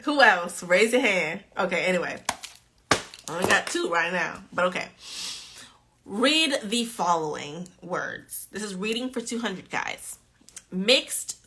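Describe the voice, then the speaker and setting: A woman's voice: medium pitch, bright, forceful tone. A woman tutoring nursing students in a live online quiz, chatty and playful, often laughing as she reads questions aloud. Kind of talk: casual live-stream quiz teaching.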